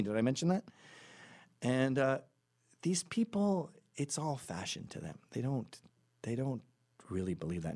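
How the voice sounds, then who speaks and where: A man tells a rambling anecdote on his podcast, stepping away from it for asides and fixing his words as he goes. His pitch swings widely, and he slips into the voices of the people he describes. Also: darkish tone. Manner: acts out quoted voices in the stories. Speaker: podcast host. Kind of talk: casual storytelling monologue.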